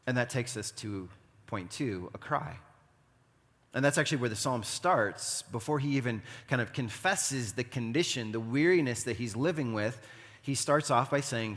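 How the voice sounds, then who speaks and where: A man's voice: medium pitch, normal speed, fairly bright tone. Man preaching in a reverberant church. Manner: conversational preaching, voicing prayers in first person. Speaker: pastor. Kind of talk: sermon. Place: church sanctuary.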